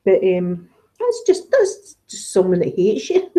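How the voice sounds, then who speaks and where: A woman's voice: mid-range voice, wildly swooping pitch, takes it slowly, warm tone, highs cut off. A woman with a Scottish accent, an ASMR channel host, chatting casually and rambling as she answers viewer comments. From Scotland. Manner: chatty and rambling, with frequent fillers. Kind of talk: casual live chat, reading viewer comments.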